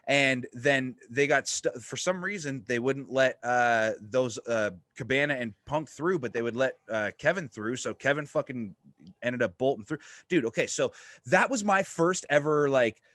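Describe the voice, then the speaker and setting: Male podcast host, mid-pitched, lively, cursing storyteller; dry close-mic sound. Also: moderate pace, no room sound. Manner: animated, swearing, excited storyteller. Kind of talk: casual storytelling chat.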